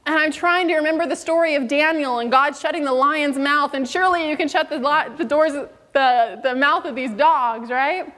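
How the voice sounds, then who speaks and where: A woman with a high voice preaches a sermon and tells a story, acting out the people in it. Her voice rings with a long reverb in a big hall. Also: normal speed, few pauses, fairly bright tone. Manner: storytelling, acts out quoted voices.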